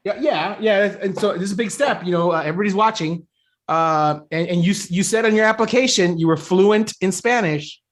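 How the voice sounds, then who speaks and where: A man's voice: sits high, brisk. Hesitant man improvising a store boss. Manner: hesitant, filler-heavy boss talk. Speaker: improv performer playing a store manager. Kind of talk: improvised comedy scene.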